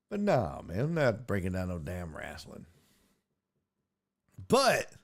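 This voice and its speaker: A young man hosting a casual sports podcast, joking around and cursing freely. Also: a little high. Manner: profane, animated, joking. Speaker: podcast host.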